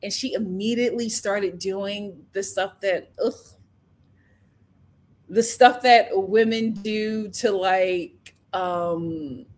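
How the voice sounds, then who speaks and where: A woman's voice: mid-range voice, steady tone, slow pace, darkish tone. A woman hosting a casual live review of a reality dating show, chatty and opinionated, acting out what the cast said. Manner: chatty, opinionated, acts out cast members' lines.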